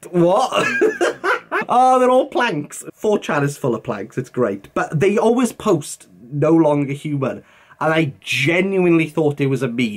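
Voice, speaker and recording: Lively husky man chatting. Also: fairly high pitch. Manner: animated and chatty, with lots of fillers and British slang. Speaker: book vlogger answering viewer comments. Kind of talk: casual chat to camera.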